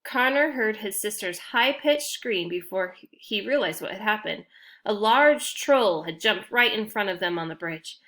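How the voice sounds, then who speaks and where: A woman narrates a children's fantasy chapter for an audiobook in a medium-pitched, fairly bright voice with lively intonation. Her measured, steady storybook reading includes the odd restarted phrase.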